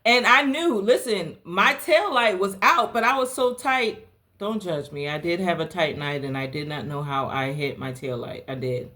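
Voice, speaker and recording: A young adult woman from the South Carolina Lowcountry, hosting a podcast and telling a personal story in a candid, animated way. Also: normal speed. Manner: animated, candid, dramatic pitch swings. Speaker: podcast host.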